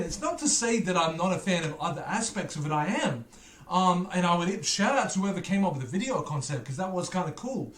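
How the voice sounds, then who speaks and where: A man's voice: high voice, fairly bright tone, roomy sound. A man hosting a music reaction video, chatting casually with playful, teasing, self-mocking banter.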